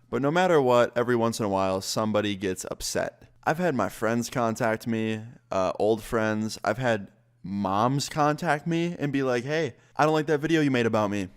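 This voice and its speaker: A man in his twenties telling a casual story-time vlog, animated and swearing freely. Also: medium pitch, clean tone. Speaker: YouTuber.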